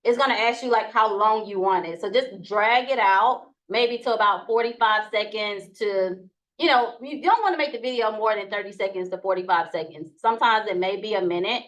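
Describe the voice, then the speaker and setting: A woman's voice: mid-range voice, a little fast, poor audio. Southern woman explaining casually. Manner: relaxed, many fillers. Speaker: presenter. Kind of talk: casual how-to talk.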